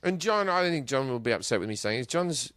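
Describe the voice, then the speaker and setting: A man telling a comic story in an animated, swearing, laughing way. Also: medium pitch, quick pace, dry recording, clean studio sound. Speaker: guest.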